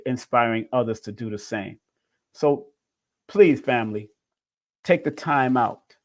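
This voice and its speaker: A middle-aged man hosting a livestream, giving an emotional, preachy spiritual talk and calling his viewers family. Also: mid-range voice. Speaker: livestream host.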